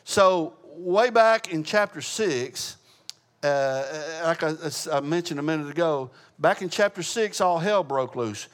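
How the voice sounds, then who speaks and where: A man teaching a Bible study in a relaxed, conversational way, asking the group questions as he goes. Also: fairly high pitch, a little slow. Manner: casual, asks the group questions, frequent uh fillers.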